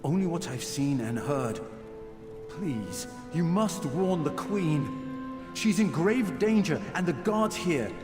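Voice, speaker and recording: A cornered male elf informant, desperate and pleading. The voice sits high and swings wildly in pitch. It rings in a long, roomy reverb with clear game music behind. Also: lively intonation, slow. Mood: urgent.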